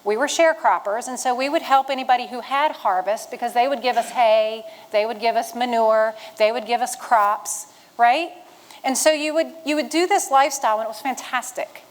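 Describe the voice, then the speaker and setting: A woman's voice: on the high side, normal speed, rough recording. Folksy woman telling stories. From western Virginia, Shenandoah Valley. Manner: folksy and humorous, rallying the audience. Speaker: retired Marine guest speaker. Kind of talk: storytelling speech to an audience.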